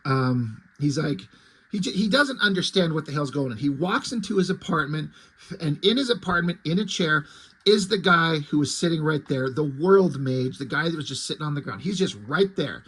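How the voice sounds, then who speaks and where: A man's voice: on the high side, expressive, moderate pace, a bit bright, breathy edge. A man casually recapping a comic book's plot, rambling with lots of "like" and restarts. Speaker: comic book reviewer.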